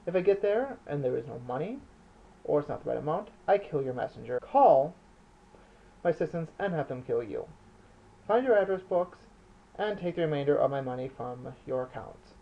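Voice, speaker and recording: A man reading the part of a cold, calculating male arms smuggler who speaks calmly and precisely. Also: fairly high pitch, normal speed, creaky, highs cut off, exaggerated voice. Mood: cold, controlled.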